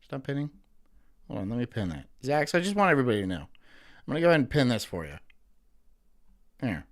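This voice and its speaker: Male streamer host, mid pitch, very lively delivery, crude mocking commentary. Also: fast. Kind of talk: casual reaction commentary.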